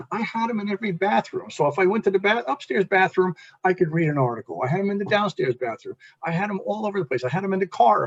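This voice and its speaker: A man's voice: on the high side, breathy edge, no echo. A middle-aged man, a guest on a talk show, casually telling a long personal story, acting out the people in it and often restarting sentences. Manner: animated storyteller, quotes people in his story, many restarts. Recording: dull lo-fi sound.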